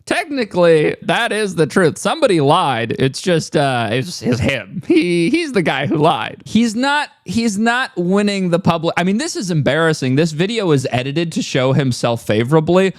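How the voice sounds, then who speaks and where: Mocking male commentator, lively pitch. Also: normal speed, few pauses, dry recording, studio quality. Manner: mocking, incredulous. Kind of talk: reaction commentary.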